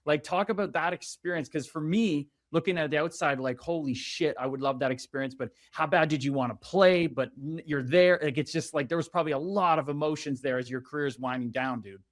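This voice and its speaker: A man's voice: fairly high pitch, brisk, hardly any pauses. A man hosting a podcast, asking questions in a laid-back way, calling his guest "dude" and cursing casually. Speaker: podcast host. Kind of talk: casual interview chat.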